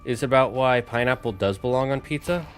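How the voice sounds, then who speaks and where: A man of ordinary middle pitch talks to his live chat while he plays a video game. He rambles from one thought to the next, in a loose, casual way. He speaks into a desk microphone. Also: fast talker, faint music behind. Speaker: streamer.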